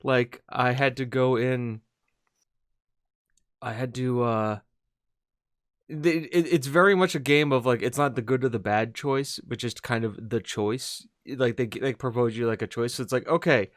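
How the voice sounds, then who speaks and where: A man's voice: mid-range voice, unhurried, no room sound, studio quality. Rambling man on a gaming podcast. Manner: rambling, hesitant, many fillers and restarts. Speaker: podcast co-host. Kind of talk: casual gaming podcast chat.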